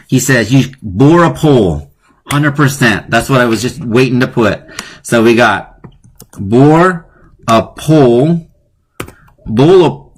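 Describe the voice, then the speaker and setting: This man, whose voice is husky and on the low side, teaches a live-streamed online class about wordplay. He keeps things chatty and playful and often laughs at his own jokes.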